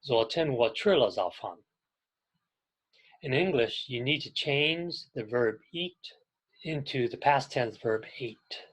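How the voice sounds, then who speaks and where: A man teaching an English grammar class to adult learners, explaining slowly and clearly and pausing so students can repeat after him. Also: mid-range voice, poor audio. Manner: patient, deliberate, pauses for learners to repeat. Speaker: ESL teacher.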